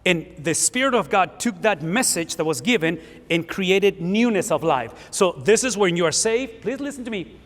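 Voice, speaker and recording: A man's voice: high voice, expressive, moderate pace. A man in his fifties, a native Spanish speaker with a Spanish accent, preaching an emphatic sermon and often repeating words for stress. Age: 50s. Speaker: pastor. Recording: hall reverb.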